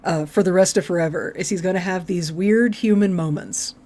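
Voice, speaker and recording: A woman's voice: on the low side, brisk, dark tone. A woman co-hosting a podcast, chatting casually and enthusiastically about a TV episode, swearing freely and laughing often. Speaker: podcast co-host. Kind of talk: casual chat recapping a TV episode.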